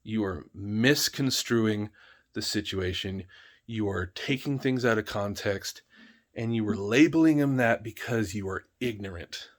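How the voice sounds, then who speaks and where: A man's voice: on the low side, unhurried. A man ranting in a vlog, heated, emphatic and full of swearing. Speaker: vlogger.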